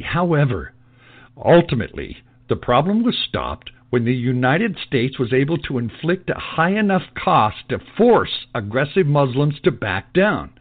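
A man giving an emphatic, lecturing commentary in a scripted style. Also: mid-range voice. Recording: tinny phone-like lo-fi audio.

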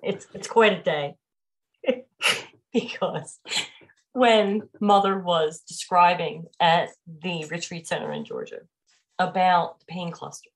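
A woman hosting a spiritual talk show, chatting casually and telling animated stories with frequent laughter. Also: fairly low pitch, slow. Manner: animated storyteller, laughs often. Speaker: host. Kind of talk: casual chat.

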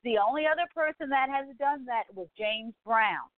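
A gushing woman in her forties chats casually as a show host, piling on exclamations. Her voice sits fairly high. It comes through a tinny, phone-like line with a dry, close sound. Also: normal speed, dry recording. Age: 40s. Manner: excitable and gushing, frequent exclamations. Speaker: podcast host. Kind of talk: casual chat.

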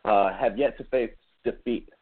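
A man's voice: medium pitch, moderate pace, husky. A man hosting a casual boxing podcast, chatting upbeat with his co-host. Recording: tinny phone-like line.

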